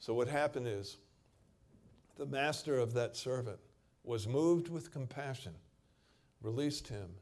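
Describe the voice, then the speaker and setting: A man preaching a sermon, reading scripture aloud in a dramatic way and moving between loud stretches and quiet emphasis. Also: medium pitch, unhurried, long pauses.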